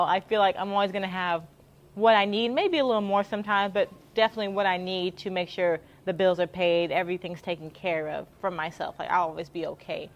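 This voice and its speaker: A woman's voice: on the low side, fairly even intonation, a little fast. A young woman from the Houston area telling a story in casual chat, upbeat and chatty, laughing often and repeating herself. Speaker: interviewee in a live stream.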